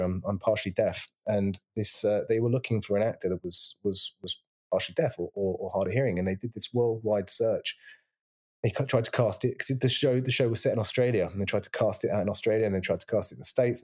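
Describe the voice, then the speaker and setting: A man's voice: fairly low pitch, darkish tone. A British man, an actor and writer, chatting as a guest in an interview, rambling with many restarts. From England. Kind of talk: casual interview chat.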